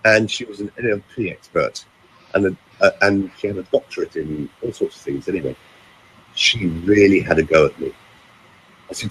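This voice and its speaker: A man who works as a vocal coach, telling a story in casual chat, with a lively, animated way of talking. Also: low-pitched, moderate pace, slightly rough, low-quality recording.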